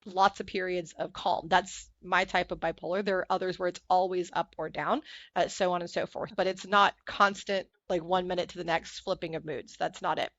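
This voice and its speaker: Animated woman guest, muffled dry sound. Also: fairly low pitch, moderate pace, dry recording. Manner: animated storyteller acting out quoted dialogue. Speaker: podcast guest. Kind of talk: conversational interview.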